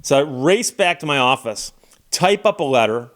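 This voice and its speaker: Animated storytelling man, slightly high voice. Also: moderate pace. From Michigan, USA. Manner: animated anecdote-telling, acting out quoted dialogue. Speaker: channel host, attorney. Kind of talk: casual storytelling monologue.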